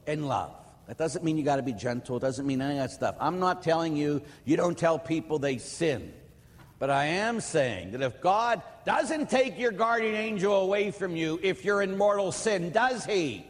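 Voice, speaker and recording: A priest and radio host preaching bluntly and telling stories, acting out the voices of the people in them. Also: male voice, fairly high pitch, moderate pace, in a large hall. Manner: blunt, animated, acts out callers' voices. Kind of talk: lively sermon with storytelling.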